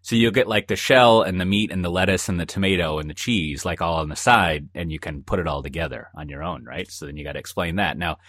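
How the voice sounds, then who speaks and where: Brief: deep-voiced male podcast co-host, bright tone, animated and digressive, dry close mic. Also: quick pace, hardly any pauses, no echo. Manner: rambling, jokey storytelling with many asides. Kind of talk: casual chat. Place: lives in Texas.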